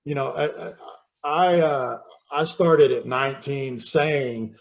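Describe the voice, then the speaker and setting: Halting man in his fifties, telling his story. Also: medium pitch, highs cut off. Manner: halting, repeats words while telling a personal story. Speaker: podcast guest. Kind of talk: candid recovery storytelling.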